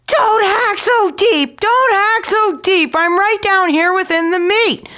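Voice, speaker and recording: Woman putting on a shrill tiny hero. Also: takes it slowly, sharp tone, exaggerated voice. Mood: screaming. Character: tiny brave little man, cheeky and plucky.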